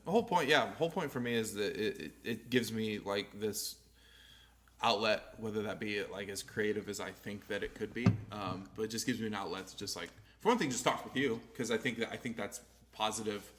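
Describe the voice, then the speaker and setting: A man's voice: on the low side, fairly quick, fairly bright tone. A man co-hosting a podcast in casual chat, rambling, swearing freely and trailing off mid-sentence. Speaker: podcast co-host.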